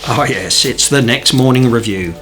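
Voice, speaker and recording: A middle-aged man narrating a watercolour painting tutorial in a chatty, gently humorous way. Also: medium pitch, moderate pace, over music. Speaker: watercolour teacher.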